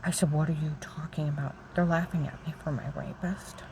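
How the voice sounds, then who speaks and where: A woman telling a long, rambling, agitated story about her own grievances, repeating herself and acting out other people's shouting. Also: sits low, fairly even intonation, fairly quick, vocal fry, a little hiss or hum, rough recording. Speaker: storyteller recounting personal grievances. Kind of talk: rambling personal monologue.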